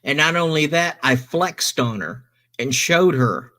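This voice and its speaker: A middle-aged man casually telling a personal story, animated, swearing and quoting others in his own voice. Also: a little high, unhurried.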